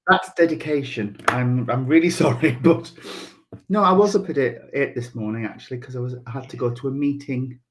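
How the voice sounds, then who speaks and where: A man's voice: medium pitch, a little fast. A man, a reverend co-hosting a casual live chat, teasing his partner and pressing him for details. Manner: teasing, prods co-host for details. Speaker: co-host, reverend.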